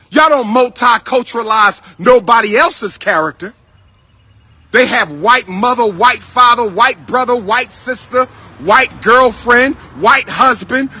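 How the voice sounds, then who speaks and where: Male commentator, bright, sharp voice, blunt repetitive rant to camera. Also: high voice, husky. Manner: blunt, emphatic, repeats himself, addresses listeners as brothers and sisters.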